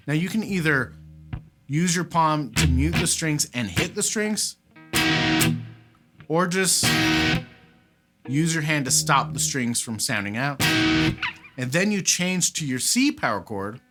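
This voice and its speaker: A man giving a casual beginner guitar lesson, chatty and relaxed, counting out rhythms. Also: fairly high pitch. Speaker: guitar teacher. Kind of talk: casual instructional talk. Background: guitar playing.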